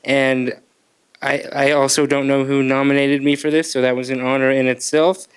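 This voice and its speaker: A man's voice: mid-range voice, little pitch movement, moderate pace, clear, resonant tone. A man who manages a school program, giving modest, plain acceptance remarks.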